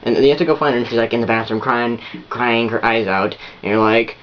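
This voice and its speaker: A man's voice: medium pitch, steady tone, fast talker, few pauses, lo-fi sound. A man giving relationship advice in a rambling, repetitive casual monologue full of restarts.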